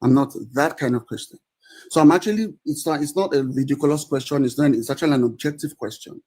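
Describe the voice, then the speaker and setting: A man's voice: a little high, fast talker, a little mellow. A man calling into a live audio-room debate, arguing and pleading, often restarting and repeating himself. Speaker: caller in a debate.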